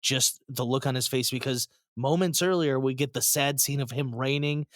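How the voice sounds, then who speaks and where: A man's voice: medium pitch, fairly even intonation, moderate pace, no room sound, clean studio sound. A man co-hosting a casual podcast chat, enthusiastic and emotional, often stumbling over his words. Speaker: podcast co-host.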